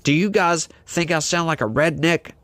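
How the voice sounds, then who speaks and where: A man's voice: fairly high pitch, normal speed, fairly bright tone, dry recording. Southern louisiana guy ranting about the news, hyper, fired up, dry close sound. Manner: heated, ranting, rhetorical questions; hyper and scattered. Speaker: political commentary host. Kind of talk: news reading and opinion commentary.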